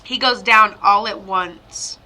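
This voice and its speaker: A woman psychic medium giving a chatty, rambling spirit reading over a video call, with sudden excited outbursts. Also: mid-range voice, takes it slowly.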